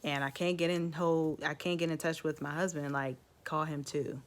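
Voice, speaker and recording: A woman's voice: low-pitched, fairly even intonation, moderate pace. A woman vlogger casually telling her own story to the camera, chatty, with lots of "like" and "um".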